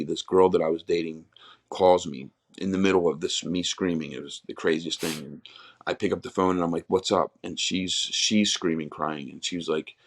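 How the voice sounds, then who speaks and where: A middle-aged man appears as a podcast guest, telling his life story candidly in a raw, rambling way with many restarts. His voice sits low.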